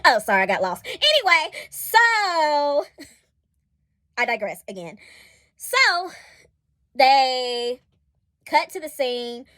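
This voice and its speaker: A woman giving a casual spoken review of TV episodes, chatty and expressive, with colloquial asides and frequent digressions. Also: high-pitched, takes it slowly, pauses often. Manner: chatty and expressive, laughing and acting out scenes. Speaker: series reviewer.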